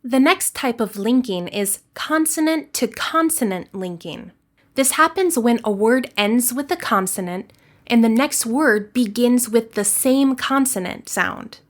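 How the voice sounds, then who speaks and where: A woman teaching an English lesson in a clear, deliberate scripted narration, slowing down to model example words. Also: on the high side, expressive.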